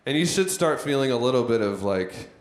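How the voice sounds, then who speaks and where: With a brisk, animated mid-range voice, this workshop leader talks casually about content creation to a live audience, asking them questions. The room sounds echoey.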